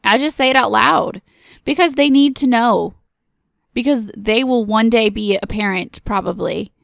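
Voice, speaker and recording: A woman in her thirties hosts a podcast, giving other moms a casual, earnest pep talk and addressing listeners directly. Her slightly high voice has vocal fry and a normal pace, in a dry, clean studio recording.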